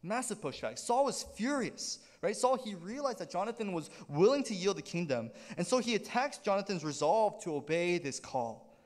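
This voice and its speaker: A man preaching a sermon as pastor, in an animated style that keeps checking in with the congregation. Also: high voice, moderate pace, big-room sound. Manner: animated preaching with frequent "right?" check-ins. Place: church sanctuary.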